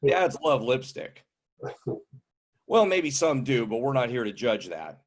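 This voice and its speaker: A man in his fifties doing stand-up comedy with wry, deadpan setups. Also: mid-range voice, a little slow, a little hiss or hum. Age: 50s.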